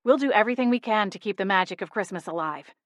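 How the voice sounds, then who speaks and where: A woman voicing a bold, quick-witted young witch who talks in a brisk, commanding way. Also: mid-range voice, lively intonation, no echo, studio quality, close to an everyday voice. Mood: demanding.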